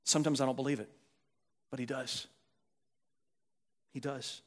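A male pastor preaching a sermon, earnest, moving from animated emphasis to quiet, soft reflection. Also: fairly high pitch, moderate pace. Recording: long hall reverb.

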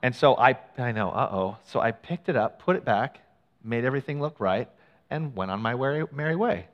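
A middle-aged male pastor telling a personal story in a sermon, animated and acting out what people said. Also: mid-range voice, fairly quick, muffled recording. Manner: animated storyteller, acts out quoted lines. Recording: long hall reverb.

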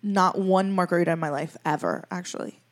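A woman from Venezuela, a native Spanish speaker, chatting casually with a playful, deadpan way of fibbing. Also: lowish voice, a little fast. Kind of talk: casual chat.

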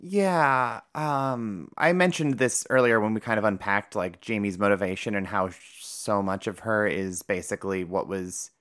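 A man's voice: fairly low pitch, normal speed, few pauses, a bit bright. A man co-hosting a podcast in casual chat, dropping wry, joking asides. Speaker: podcast co-host.

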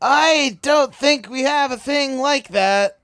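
A reader voicing a timid, earnest alien troll boy who rambles in halting, awkward phrasing. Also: high voice, a bit bright. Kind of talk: reading a webcomic aloud.

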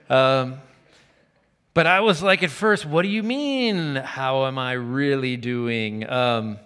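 A man preaching a sermon, telling a personal story with earnest warmth and dropping to a near whisper for quoted lines. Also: lowish voice, creaky. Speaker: pastor. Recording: long hall reverb.

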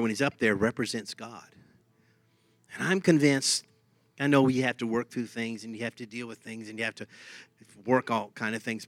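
A man preaching a lively sermon, humming tunes and laughing as he talks. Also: mid-range voice, no room sound.

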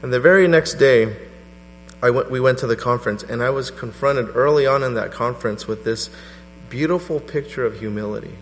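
A middle-aged man preaching a sermon to a congregation, telling a personal story with animated energy. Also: fairly quick. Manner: animated storytelling, voice rising to a high pitch in quoted prayers. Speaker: pastor. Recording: reverberant hall with mains hum.

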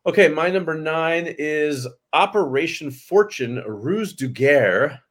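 A man's voice: on the high side, animated, takes it slowly. A man co-hosting a podcast, chatting casually about movies with stammers and frequent ums and likes. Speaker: podcast co-host. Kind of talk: casual chat.

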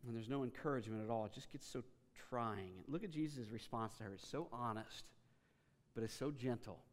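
A man preaching a sermon as a pastor, telling the story in a casual, animated way with frequent restarts. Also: medium pitch, brisk, long reverb tail.

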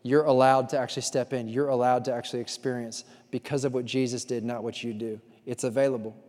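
A male pastor preaching a sermon, swinging from loud emphasis to hushed, confessional moments and repeating phrases for weight. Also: medium pitch, flat delivery, fast, long reverb tail.

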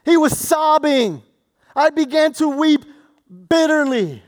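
A man preaching a sermon, swinging from loud, excited delivery to hushed, low passages. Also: slow pace. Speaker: pastor.

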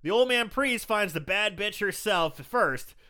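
This man has a high, bright voice that swings up and down a lot. He retells film scenes casually, swears freely and laughs as he goes. It is a loose, animated hosting style. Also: measured pace. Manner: animated, profane, laughing storyteller. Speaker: podcast host. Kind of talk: casual chat.

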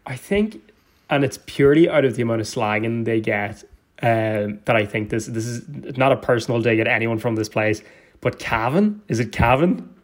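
A man's voice: medium pitch, moderate pace. Young man with a Donegal accent. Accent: Donegal Irish. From Donegal, Ireland. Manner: rambling storyteller, laughs often, many restarts. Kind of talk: casual chat.

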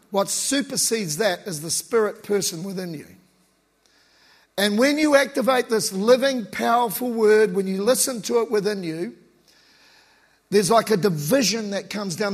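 A man preaching a sermon in a relaxed, slangy, conversational way. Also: high-pitched, unhurried, husky. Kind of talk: casual sermon. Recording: long reverb of a large hall.

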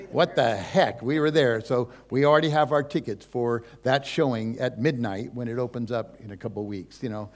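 A man's voice: mid-range voice, darkish tone. An older man preaching a sermon as pastor, in a folksy, conversational way full of asides and rhetorical questions.

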